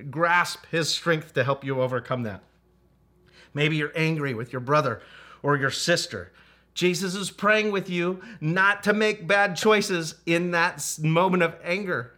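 Male pastor preaching, slow and deliberate, bright clear tone, earnest with playful asides. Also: on the high side. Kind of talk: sermon.

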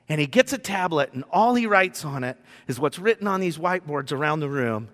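A man pastor preaching a sermon in a room with whiteboards, telling the story in an animated way and acting out the scenes. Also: fairly high pitch, fairly quick, hardly any pauses. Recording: long reverb in a hall.

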